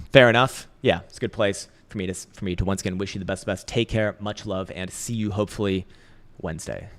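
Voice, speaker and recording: A man's voice: on the low side, smooth. A man hosting a crypto trading livestream, talking in a loose, casual way with profane, laughing asides.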